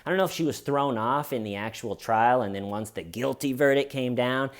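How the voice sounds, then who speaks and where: A man's voice: medium pitch, brisk. A man hosts a casual true crime commentary, talking in a mid-range voice. He fills his retelling with sarcastic, mocking asides.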